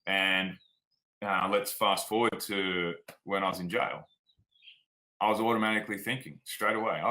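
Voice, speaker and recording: With a lowish, bright, forceful voice, fairly even intonation and a moderate pace, an Australian man shares stories in a casual interview, on a low-quality recording. The performance-coach guest is frank and plainspoken, dropping "like" and "man."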